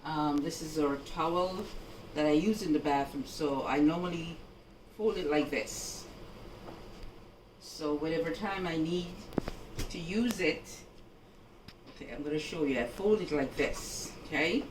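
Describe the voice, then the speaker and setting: A woman talks slowly and patiently as she walks the viewer through a household task. She keeps checking that they are following along. Her voice comes from across an echoey room over steady background noise. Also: low-pitched, recorded from a distance. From Jamaica. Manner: unhurried and instructive, often checking in with the viewer. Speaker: housekeeping vlogger. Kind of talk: home laundry-folding demonstration.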